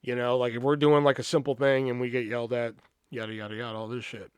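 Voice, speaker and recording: Man, podcast host, animated, profane, acts out quotes, dry sound. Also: medium pitch, fast, clean tone, dry recording. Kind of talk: casual storytelling.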